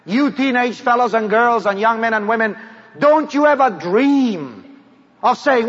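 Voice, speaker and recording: A man from South America with a South American accent, preaching a sermon to a large crowd, moving from raised declarations to hushed low lines. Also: lively intonation, measured pace. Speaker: evangelist preacher. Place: large hall before a crowd. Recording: dull recording with long hall reverb.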